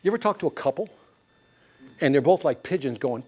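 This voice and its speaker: A man leading a live sales training class, quizzing the room with quick questions and answers. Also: mid-range voice, breathy edge. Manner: animated, quizzing the class with call-and-response questions.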